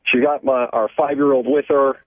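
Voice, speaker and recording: A man's voice: mid-range voice, flat delivery, moderate pace, no echo. A man from Ohio calling in to a show, telling an angry, profane story about his family. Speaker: caller. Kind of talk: phoned-in story. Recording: tinny dry phone line.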